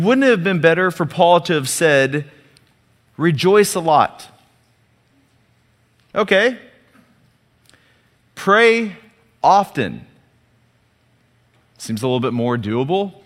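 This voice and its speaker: A man's voice: high voice, fairly bright tone, in a large hall. A man preaching a sermon as pastor, talking conversationally with rhetorical questions and calls for the congregation to answer. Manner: conversational, rhetorical questions, audience call-and-response.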